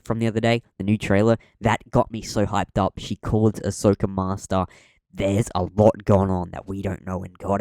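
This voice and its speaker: A young man talks casually on a podcast in a low voice, rambling through his thoughts with frequent ums and false starts. The sound is dry and close, with no room echo. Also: gravelly, a little mellow. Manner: rambling, halting, with many ums and restarts. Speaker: podcast co-host.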